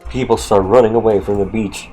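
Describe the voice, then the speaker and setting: A man narrates a text-adventure game with a comedic edge, breaking into wry, joking asides and laughs. His voice sits a little low, and quiet music plays behind him. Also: steady tone, fairly quick. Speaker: gaming video host.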